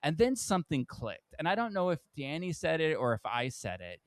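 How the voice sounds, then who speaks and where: A man co-hosting a podcast talks fairly quickly as he tells a story in casual chat, jumping sharply in pitch to play the people he quotes. He's an animated storyteller, and the recording has no echo.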